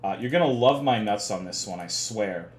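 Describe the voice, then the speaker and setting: A man's voice: fairly low pitch, lively intonation, moderate pace, slight background noise. A young man livestreaming, chatting casually with his chat in profane, rambling, half-joking rants. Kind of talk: casual live-stream chat. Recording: echoey room.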